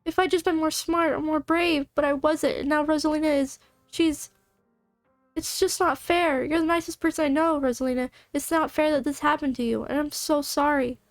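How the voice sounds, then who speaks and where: A woman voicing a remorseful teenage girl who talks in halting, apologetic bursts. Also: sits high, steady tone, no echo, soft background music.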